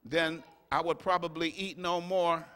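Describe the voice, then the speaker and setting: A man preaches a lively, joking sermon as a bishop, his voice bright and pitched a little high. It rings out with a long reverb, like a big sanctuary heard through a stage mic. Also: measured pace, clean tone. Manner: animated, humorous preaching with playful asides and acted-out quotes. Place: large church sanctuary. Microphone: stage microphone.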